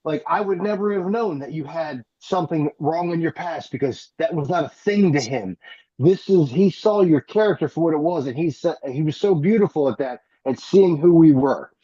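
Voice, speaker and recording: High husky man, dull lo-fi sound. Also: expressive, moderate pace, warm tone. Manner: earnest, emphatic, speaks in short repeated phrases. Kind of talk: casual heartfelt tribute.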